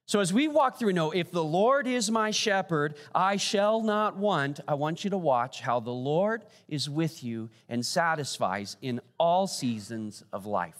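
A male pastor delivers a sermon in an animated way, his fairly high voice climbing even higher when he stresses a point. The sound carries a long reverb, as from a large church hall. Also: unhurried, few pauses. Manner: animated, rising high for emphasis.

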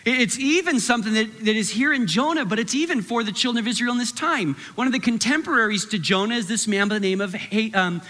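Guy preaching a sermon, bright forceful voice, big hall echo. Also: extremely high pitch, fast, few pauses. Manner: animated preaching, acts out quoted voices. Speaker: pastor.

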